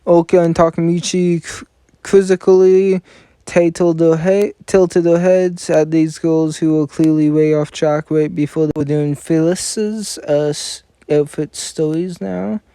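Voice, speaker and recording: Man reading game dialogue in a flat, even voice. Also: a little high, measured pace, clear, resonant tone, no room sound, clean studio sound. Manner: even, unacted reading with frequent stumbles and self-corrections. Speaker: reader of game story scenes.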